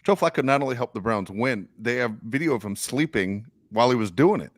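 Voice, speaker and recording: A middle-aged man co-hosting a sports podcast, telling animated stories and acting out quotes. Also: mid-range voice, fairly quick, no echo. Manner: animated storyteller, acts out quotes. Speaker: podcast co-host. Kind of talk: casual sports chat.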